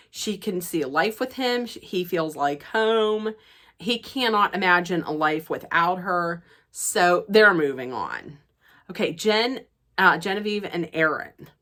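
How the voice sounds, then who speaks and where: Low-ish, pushed, and bright, this woman's voice delivers a casual reality show recap. It comes across as gossip, with her dramatizing each quoted bit of dialogue.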